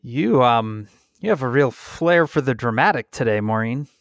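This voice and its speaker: A man co-hosts a podcast, trading casual chat in a dry, deadpan way. He sits close to the mic in a dead, dry room. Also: mid-range voice, moderate pace, no room sound. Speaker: podcast co-host.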